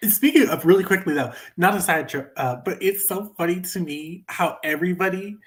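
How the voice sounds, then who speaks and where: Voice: mid-range voice, moderate pace. Giggly co-host in a casual recap. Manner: giggly, amused. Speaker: podcast co-host.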